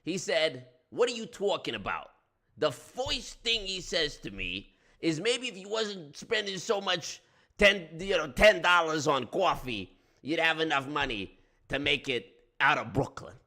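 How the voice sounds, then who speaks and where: A man's voice: fairly high pitch, lively intonation, a little slow, bright, forceful tone, heavily acted. A man voicing a brash, profane middle-aged New York mobster who blusters, swears and repeats himself, in a put-on New York accent. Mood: indignant.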